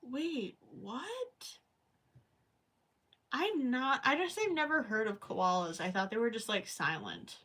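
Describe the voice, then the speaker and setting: A woman's voice: on the high side, animated, normal speed, hardly any pauses, pushed and bright. A woman hosting a crochet livestream at home, rambling and thinking aloud as she works and chats with viewers. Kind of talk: casual chat while crocheting, reading live chat.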